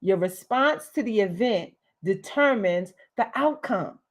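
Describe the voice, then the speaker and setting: Animated but measured, this host speaks in a mid-range voice during her livestreamed motivational talk. She's emphatic and repetitive, leaning on slang as she drives her main points home.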